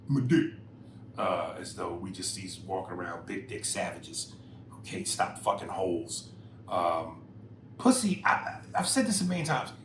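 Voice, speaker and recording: A man co-hosting a casual podcast, reading listener emails and riffing on them in a profane, animated way that jumps loud and high when he makes a point. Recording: roomy echo with faint noise.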